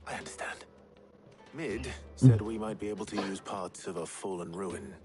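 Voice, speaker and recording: Man playing a calm young game hero, low voice, terse, music clearly behind. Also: moderate pace, close to an everyday voice. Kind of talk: video game dialogue.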